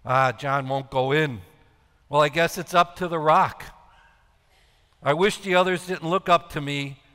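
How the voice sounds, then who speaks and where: A man playing Simon Peter, an anxious, guilt-ridden middle-aged apostle, in a dramatic monologue, talking in agitated, halting bursts of self-reproach. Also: on the high side, sharp tone, clear, resonant tone. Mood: uneasy. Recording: echoey hall with long reverb.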